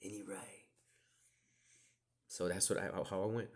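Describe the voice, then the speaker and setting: A man's voice: low voice, level tone, moderate pace. A middle-aged man hosting a podcast, telling rambling stories in a profane, digressive way, often dropping into whispered asides. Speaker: podcast host. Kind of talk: rambling storytelling monologue.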